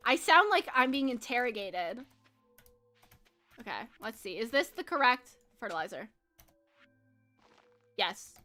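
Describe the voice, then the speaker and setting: A young woman with a bright, sharp voice, set a bit high, chatting to her stream while she plays. She is giggly and loose, padding her talk with fillers. Faint game music plays behind her. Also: sing-song, a little slow, pauses often. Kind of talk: casual chat while gaming.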